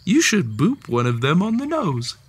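A woman's voice: on the low side, wildly swooping pitch, normal speed, breathy edge. Playful woman reading a storybook. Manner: playful, theatrical, talks to the character with gasps and exclamations. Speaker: storybook reader. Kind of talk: children's read-aloud storytelling.

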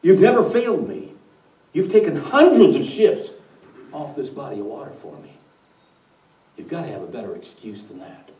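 A man's voice: fairly high pitch, animated, moderate pace, pauses often, warm tone, voice pushed up, natural voice. A man voicing the devil as an angry, incredulous boss scolding his servant, in an echoey church heard from a distance.

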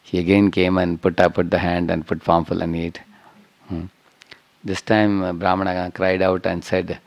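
A man's voice: low voice, level tone, moderate pace, gravelly, no echo, dull audio. A man giving a devotional scripture lecture, telling a story and checking in with listeners with "huh?" and "hmm?".

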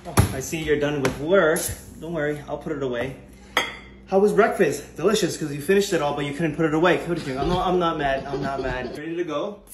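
A man's voice: a little high, a little fast, a crowd in the background, close to an everyday voice. A man playing a nagging, passive-aggressive young wife in a comedy sketch who keeps insisting she is not mad. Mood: sulking. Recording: echoey room, distant mic, background noise.

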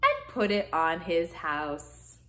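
A woman reading a picture book aloud to children, pausing to lead them in movements and cheering them on. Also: on the low side, a little hiss or hum. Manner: animated, guiding children through movements. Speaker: children's storyteller.

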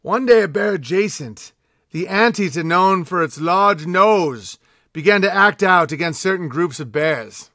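A man's voice: sits high, animated, unhurried, bright, forceful tone, no room sound, clean studio sound, full character voice. A man voicing a grandiose male panda bear herald, proclaiming in a pompous, mock-epic reading.

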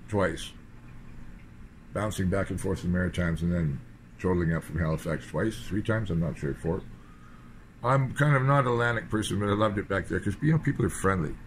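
A man's voice: lowish voice, moderate pace, a little hiss or hum. A man from British Columbia giving a rambling, sardonic political monologue in loose fragments. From British Columbia, Canada. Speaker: political commentator.

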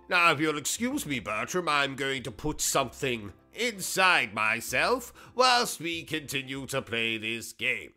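A pompous British man hosting a gaming stream in character with mock-aristocratic swagger. His voice is piercingly bright and his pitch swoops all over. Faint music plays under him. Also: big pitch swings, measured pace, few pauses. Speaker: gaming livestream host in character. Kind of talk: comic character monologue.

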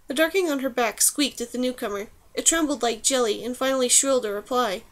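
A woman narrates an audiobook in a steady, even reading voice. Her pitch sits a little high for a woman. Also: brisk, hardly any pauses. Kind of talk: scripted narration.

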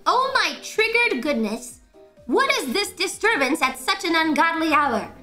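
A woman's voice: extremely high pitch, very animated, unhurried, bright, forceful tone, soft background music, exaggerated voice. A woman voicing a touchy, easily offended young man in a game, reading his dialogue aloud in an indignant, prim, melodramatic manner.

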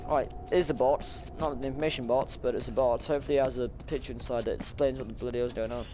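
A man's voice: mid-range voice, steady tone, fast, noisy background. A young man commenting on a horror game, muttering nervously to himself and breaking into sudden startled shrieks. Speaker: gaming channel host.

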